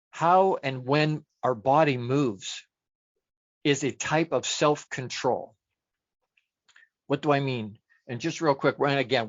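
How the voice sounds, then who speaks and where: A man's voice: medium pitch, no room sound. Dull lo-fi recording of a chatty male coach. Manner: asks rhetorical questions and answers them himself; chatty and self-deprecating. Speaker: life coach. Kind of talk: motivational talk.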